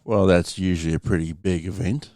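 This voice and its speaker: A man's voice: low voice, fairly even intonation, brisk, vocal fry, a little mellow, dry recording. A man with an Australian accent co-hosting a podcast, laid-back and sweary, laughing often. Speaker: podcast co-host. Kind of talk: casual crude banter.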